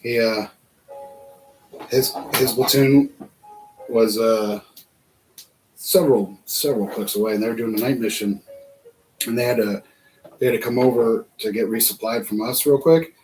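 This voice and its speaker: A man's voice: medium pitch, fairly even intonation, normal speed, long pauses, a little mellow, soft background music, poor audio. A man hosting a casual build-along vlog, chatting to himself and laughing through his stories. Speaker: vlog host building a model kit.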